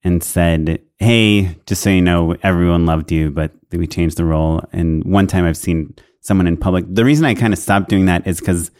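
A man's voice: deep voice, fairly quick, few pauses, smooth. A man who works in casting, chatting casually and telling stories with acted-out quotes. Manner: relaxed storytelling, acts out quotes. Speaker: casting director and co-host. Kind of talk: casual chat.

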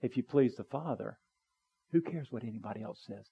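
A man preaching a sermon in a church, earnest and conversational, building to emphatic pleas and dropping to soft, quiet appeals. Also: medium pitch, lively intonation, a little fast, gravelly, husky, lo-fi sound. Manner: conversational with small asides. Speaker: pastor. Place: church sanctuary, also live streamed.

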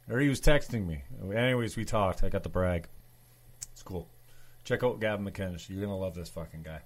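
Low-voiced rambling male host. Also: a little mellow. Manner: rambling, profane. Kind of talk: casual solo show chat.

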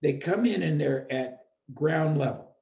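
A middle-aged man, a business owner who once led seminars, reflects in a casual conversation and repeats his points for emphasis. His voice is a little high and a little slow, with vocal fry and a warm tone. The recording has a roomy echo.

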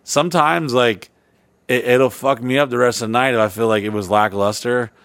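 A man co-hosting a podcast in a dry, close studio sound, rambling and cursing freely. He talks at a middling pitch with plenty of restarts and loose asides. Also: steady tone, moderate pace, clean tone, no room sound. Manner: profane, rambling, bursts into loud impressions. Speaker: podcast co-host. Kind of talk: casual podcast banter.

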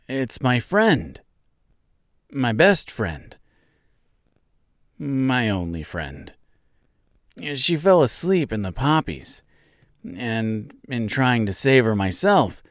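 A man's voice: mid-range voice, big pitch swings, slow, dry recording, clean studio sound, voice pushed up. A man voicing a sad, lonely male scarecrow in an audiobook, speaking in a hesitant, downcast way. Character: glum male scarecrow, lonely and self-pitying. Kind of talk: audiobook character voice.

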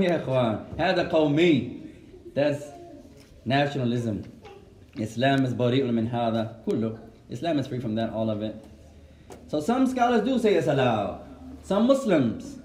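Animated man teaching in an echoey room. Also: mid-range voice, moderate pace, a little hiss or hum. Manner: animated, switches between Arabic and English, asks the class questions. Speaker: Islamic teacher. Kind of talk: classroom religious lesson.

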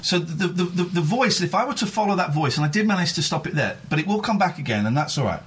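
Earnest, lively-voiced man confessing on air. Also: a little high, a little hiss or hum. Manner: earnest, confessional, halting with many restarts. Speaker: radio show host. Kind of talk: candid radio chat.

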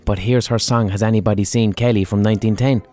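A man's voice: lowish voice, fairly even intonation, quick pace, dark tone, soft background music. Blunt, swearing Irish man hosting a podcast. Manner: blunt and profane, with many ums and asides. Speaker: podcast host. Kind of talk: casual history podcast chat.

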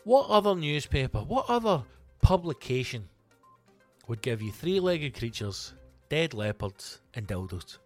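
A man's voice: mid-range voice, very animated, measured pace, soft background music. A man hosting a comedy podcast, reading odd news stories aloud with sweary, sarcastic asides. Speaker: podcast host. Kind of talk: comic podcast monologue.

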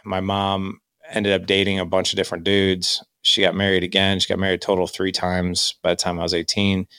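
A man's voice: low voice, completely flat delivery, brisk, pushed and bright, smooth, no echo, clean studio sound. A man, candidly telling his life story in a reflective way. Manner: candid, reflective, quotes himself and others. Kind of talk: personal storytelling.

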